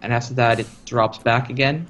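A man's voice: mid-range voice, fairly even intonation, a little fast, fairly bright tone, a little hiss or hum. A man in a casual podcast chat about a TV episode, earnestly pointing out small acting and music details he loved. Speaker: podcast co-host.

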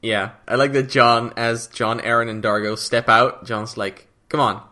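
A man's voice: mid-range voice, fairly even intonation, unhurried, sharp tone. A man co-hosting a podcast in casual chat, recapping a TV episode and adding wry comments.

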